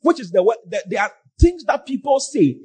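A man preaching on a podcast, scolding with animated rhetorical questions and shouting for emphasis. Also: extremely high pitch, brisk, slightly rough.

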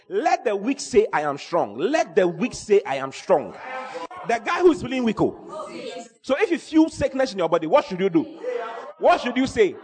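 A man's voice: sits high, sing-song, moderate pace, a little mellow, long reverb tail. A man, preaching a sermon with emphatic, repeating phrases.

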